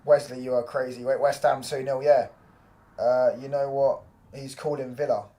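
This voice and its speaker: A man's voice: medium pitch, level tone, moderate pace, dark tone. A young man hosting a live football watchalong stream, chatting in casual slangy banter and reacting to the match and viewers' messages.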